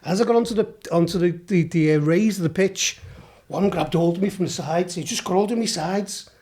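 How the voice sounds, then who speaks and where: Middle-aged Scouse bloke, raised voice, spins wild yarns with plenty of swearing and laughter. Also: male voice, high voice, a little fast. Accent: Liverpool Scouse. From Liverpool, England. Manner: animated, swears a lot, laughs while telling. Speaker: podcast guest. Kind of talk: storytelling anecdote.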